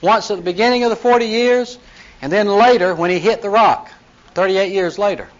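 A high-pitched man leads a Bible class in a loose, talkative way. He acts out the scripture scenes in lively voices and throws questions to the room. The recording is dull and lo-fi. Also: brisk. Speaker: Bible teacher. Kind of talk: conversational Bible teaching.

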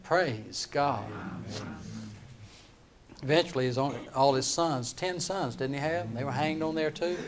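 A man preaching a sermon, retelling a story in an animated, dramatic way. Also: fairly high pitch, unhurried, long pauses, a crowd in the background.

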